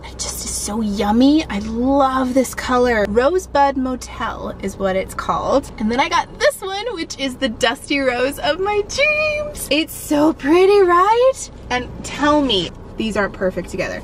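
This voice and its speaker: A woman's voice: high-pitched, sing-song, a little slow, few pauses, slight background noise, poor audio. A young woman from Ohio chatting bubbly and casually as she shows her shopping haul and crafts in her vlog. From Ohio, USA. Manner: chatty and bubbly, often laughing. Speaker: vlogger.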